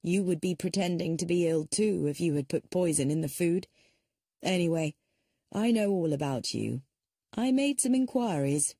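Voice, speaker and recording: A woman voicing a tired, shrewd male country doctor, speaking low and measured. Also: lively intonation, dark tone, husky, dry recording, studio quality.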